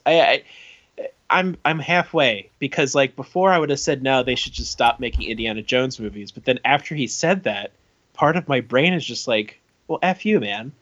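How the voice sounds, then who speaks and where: A man's voice: medium pitch, a bit bright. A man co-hosting a casual podcast chat in a playful, jokey way. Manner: playful, jokey, quick to laugh. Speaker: podcast co-host. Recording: dull lo-fi sound.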